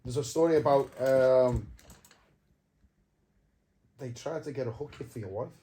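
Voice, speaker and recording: A man's voice: medium pitch, a little slow, dark tone, a little hiss or hum. A man from Australia hosting an interview, blunt and crude, joking and swearing a lot. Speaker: interview host, former heavy. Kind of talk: casual interview chat.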